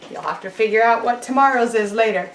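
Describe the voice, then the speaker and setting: A woman teaching a children's lesson, talking slowly and clearly in a sing-song teacher voice to young kids. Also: on the high side, slight background noise. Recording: roomy echo.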